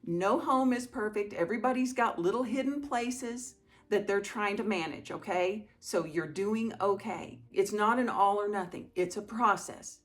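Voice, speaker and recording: Gentle, reassuring middle-aged woman. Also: medium pitch, moderate pace. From small town. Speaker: home organizing vlogger. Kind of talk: casual Q&A talk to camera.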